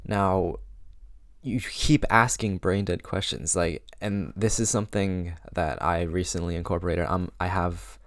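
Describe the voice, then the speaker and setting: Low-voiced young man giving casual advice. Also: steady tone, unhurried, fairly bright tone, dry recording, clean studio sound. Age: around 18. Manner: casual, filler-heavy, acts out sample lines. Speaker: vlogger giving social advice. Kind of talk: casual advice talk to camera.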